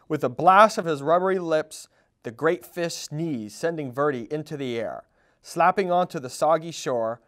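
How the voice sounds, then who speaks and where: A man reading a children's storybook aloud at a storytime, in an expressive, animated way. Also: on the high side. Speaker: storytime reader.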